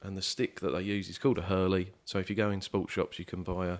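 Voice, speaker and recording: Relaxed young man with a low voice. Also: fast talker. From southeast England. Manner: easygoing, rambling with many fillers and restarts. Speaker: musician guest. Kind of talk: casual podcast interview.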